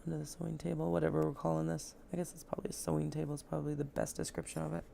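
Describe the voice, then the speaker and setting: A woman's voice: low voice, little pitch movement, racing, creaky, warm tone, a little hiss or hum. A woman talking casually as she sews, joking and chatting to herself while she works in a home sewing room. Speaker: sewing vlogger.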